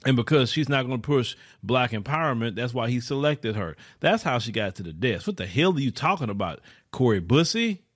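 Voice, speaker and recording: A man's voice: medium pitch, expressive, a little fast, hardly any pauses, dry recording, studio quality. A man hosting a casual reaction commentary, blunt and incredulous, stopping a clip to argue with it and firing repeated questions.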